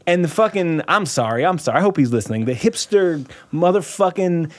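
A man's voice: fairly high pitch, expressive, a little fast. A man in a local band telling a rambling, profane story in casual chat, often laughing.

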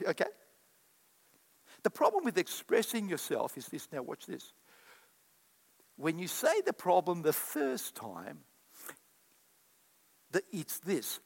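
A man's voice: high voice, huge pitch swings, slow, vocal fry, long pauses, breathy edge. A man preaching a sermon to a congregation, acting out quoted voices and calling back to the crowd. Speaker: pastor. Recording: echoey hall with long reverb.

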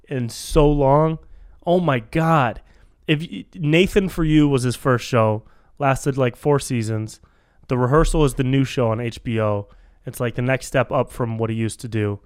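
On his solo podcast, a man with a mid-range voice rambles and freestyles in a casual way, cursing freely and saying dude a lot. The recording is studio quality with no room sound, captured on a podcast microphone.

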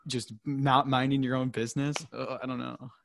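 A man's voice: medium pitch, flat delivery, moderate pace, vocal fry, fairly bright tone, no room sound. A young man chatting casually as a podcast guest, blunt and profane, laughing often. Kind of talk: casual chat.

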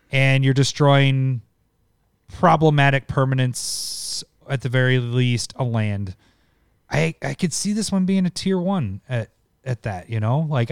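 A man co-hosting a casual card-game discussion, relaxed and often laughing, sometimes reading card text aloud. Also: mid-range voice, clear, resonant tone, no room sound, studio quality. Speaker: podcast co-host.

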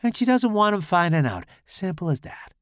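A man voicing a brash, crude young man who talks in a loud, mocking, swaggering way. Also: sits high, big pitch swings, moderate pace, no echo, clean studio sound, voice pushed up.

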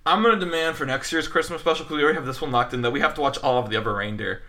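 A man co-hosting a casual podcast, talking with animated enthusiasm and lots of fillers. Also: fairly high pitch, very fast. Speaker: podcast co-host. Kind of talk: casual film podcast chat.

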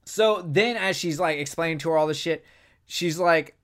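A podcast co-host in a casual film review chat, talking in an animated, profane and rambling way. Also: medium pitch, normal speed.

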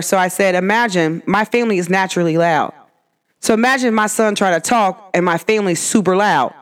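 A young woman hosting a podcast, talking in an emphatic, animated rant full of rhetorical questions. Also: medium pitch. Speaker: podcast host. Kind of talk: casual monologue.

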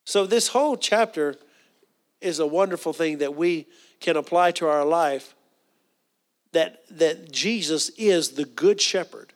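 Folksy preacher, man, earnest and slightly high-voiced, hushes for quoted prayers. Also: a little slow. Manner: folksy, earnest, with asides and restarts; drops to a soft hush for quoted inner prayers. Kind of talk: sermon.

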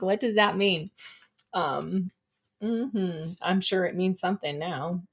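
Slow-talking giggly woman streamer. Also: lowish voice, a bit bright. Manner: giggly, chatty, reads questions aloud to chat. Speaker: live stream host. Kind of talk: casual live trivia quiz with viewers.

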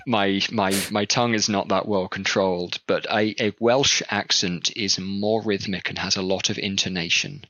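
A man with a Southern English accent, talking casually as a podcast guest and pausing often with ums as he thinks. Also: deep voice, fairly even intonation, sharp tone, no echo. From southwest England. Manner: hesitant, thinks aloud with many ums. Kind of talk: casual conversation. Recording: dull lo-fi dry sound.

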